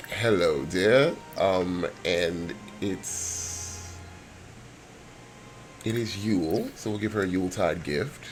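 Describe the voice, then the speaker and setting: A man voicing a courtly man who proposes marriage in a life-sim game, reading the lines softly and low in his own voice. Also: takes it slowly, over music. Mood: tender.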